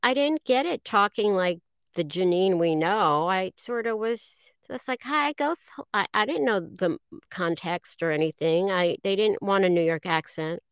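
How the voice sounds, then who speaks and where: Middle-aged woman, interview guest; halting, modest delivery, very dry close sound. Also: fairly low pitch, clear, resonant tone, no room sound. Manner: halting and self-deprecating, many fillers. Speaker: guest voice actress. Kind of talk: casual interview chat.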